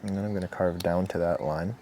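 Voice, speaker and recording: A man talking through a woodcarving tutorial outdoors in a relaxed, chatty way, with asides. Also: low-pitched, brisk, slight background noise. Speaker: woodcarving instructor. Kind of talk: step-by-step tutorial narration. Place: outdoors in the morning.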